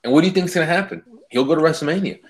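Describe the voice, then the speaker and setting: A man's voice: fairly high pitch, rapid-fire, over a noisy crowd. A man co-hosting a casual podcast, ranting heatedly with lots of swearing. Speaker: podcast co-host. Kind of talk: casual wrestling chat.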